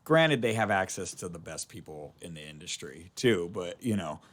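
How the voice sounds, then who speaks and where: A man's voice: deep voice, lively intonation, normal speed. A man, a guitarist and singer guest, talking with eager agreement in a casual radio chat.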